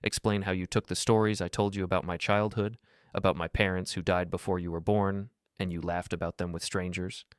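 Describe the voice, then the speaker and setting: A man's voice: deep voice, flat delivery, a little fast, few pauses, clear, resonant tone, dry recording, studio quality, natural voice. A man voicing a heartbroken mother, speaking with raw, tearful anger. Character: heartbroken mother turning angry.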